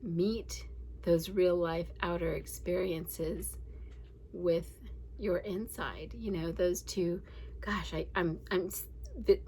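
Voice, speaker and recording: A woman's voice: lowish voice, fairly even intonation, slow pace, mellow, a little hiss or hum, low-quality recording. A candid woman in her forties who hosts a daily reading podcast, talking in a casual, reflective, rambling way with laughs. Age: 40s.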